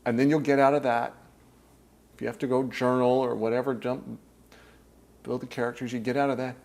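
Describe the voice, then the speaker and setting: A man's voice: medium pitch, flat delivery, brisk, vocal fry, darkish tone. A man teaching a workshop group in a conversational way. He often checks in with "okay?" and acts out inner voices while he explains.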